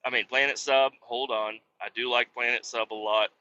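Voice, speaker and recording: Profane, rambling Midwestern man with a bright voice. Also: medium pitch, steady tone, normal speed, muffled recording, slight background noise. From Kansas City, USA. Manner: profane, rambling, self-mocking. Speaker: truck driver vlogger. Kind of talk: casual storytelling monologue while driving. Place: in a truck cab while driving.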